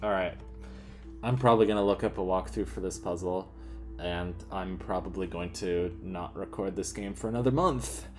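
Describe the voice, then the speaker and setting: A man's voice: deep voice, fairly even intonation, normal speed. A man giving casual, rambling game commentary with self-mocking, offbeat jokes. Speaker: gaming commentator. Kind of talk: casual let's play commentary. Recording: game music playing behind.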